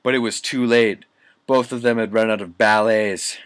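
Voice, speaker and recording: A man's voice: fairly low pitch, fairly even intonation, moderate pace, dry recording. A young man doing a comic reading of a bad story, mocking and swearing at the text. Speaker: reader.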